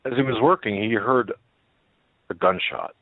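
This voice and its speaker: A man reading a story aloud as a radio host, in a halting way with many fillers and restarts. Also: medium pitch, no room sound. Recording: tinny phone-like line.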